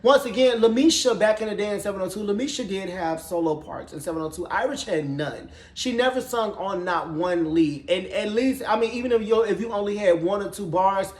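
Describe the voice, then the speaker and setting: High-voiced guy spilling the tea on a tv episode, sassy and cussing a lot, roomy echo in the room. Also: a little fast, hardly any pauses. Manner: sassy, profane, animated storytelling. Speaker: TV show recap reviewer. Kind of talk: casual gossipy TV recap.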